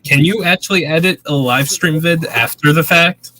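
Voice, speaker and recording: A man's voice: fairly high pitch, moderate pace, sharp tone, a little hiss or hum. A tired man from Massachusetts co-hosting a casual live stream chat, slipping into odd put-on voices. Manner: plays with odd accents and voices when tired. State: tired, late at night. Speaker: co-host.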